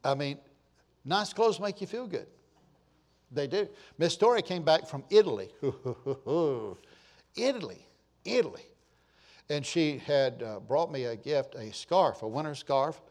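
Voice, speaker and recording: A man preaching a folksy, joking sermon to his church, swinging between loud and quiet. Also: fairly high pitch, expressive, moderate pace. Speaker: pastor.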